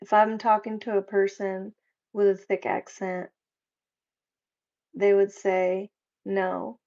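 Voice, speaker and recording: A playful woman livestreaming, slow and chatty. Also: medium pitch, completely flat delivery, mellow. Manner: playful, joking, quick to laugh. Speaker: livestream host. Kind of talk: casual live chat reading viewer comments. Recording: slightly dull lo-fi stream audio.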